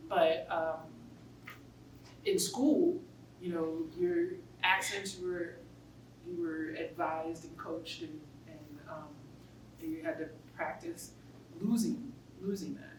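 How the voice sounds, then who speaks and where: A middle-aged woman with a New York accent, speaking casually to a class in a lowish voice and telling stories with plenty of animation. She sounds far from the mic in a roomy classroom, with faint background hiss. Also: takes it slowly. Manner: animated storytelling, laughs often. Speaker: guest speaker.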